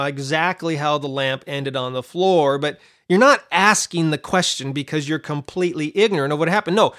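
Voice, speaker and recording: Guy teaching bible on his podcast, pretty lively, chatty with lots of uhs. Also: on the high side. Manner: conversational, with fillers and restarts.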